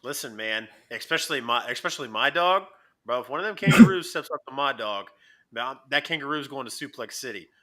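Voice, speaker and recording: Brash, very bright-voiced man. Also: mid-range voice, a little fast. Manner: boastful, profane, animated. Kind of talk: casual chat.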